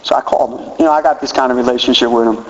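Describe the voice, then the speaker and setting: A man's voice: mid-range voice, fairly even intonation, rapid-fire. A middle-aged man giving an emphatic personal recovery testimony at a meeting, repeating key phrases. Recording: dull echoey hall with faint noise.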